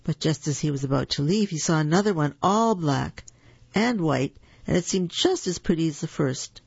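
A children's storybook read aloud at an easy, expressive pace. The voice is gravelly and husky. It sounds dry and close on a dull, lo-fi recording. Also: mid-range voice, dry recording. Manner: slow, gentle and expressive.

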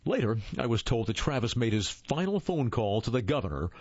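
A man from Iowa narrating his memoir as an audiobook, in an expressive storytelling manner with a husky voice. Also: mid-range voice, fairly quick, dry recording. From Iowa, USA. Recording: dull, dry lo-fi recording.

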